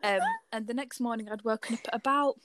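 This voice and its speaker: A young woman co-hosting a casual chat among friends, telling long anecdotes and growing lively when she quotes herself. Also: fairly high pitch, fast talker, heavy background noise. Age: young adult. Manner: storytelling, animated when quoting herself.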